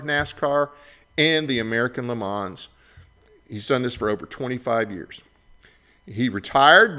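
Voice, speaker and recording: A man's voice: medium pitch, a bit bright. A man hosting a talk show, sounding casual and opinionated. His voice sits in a plain middle register. He talks loosely, with fillers and restarts. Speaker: podcast host. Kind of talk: political talk show commentary.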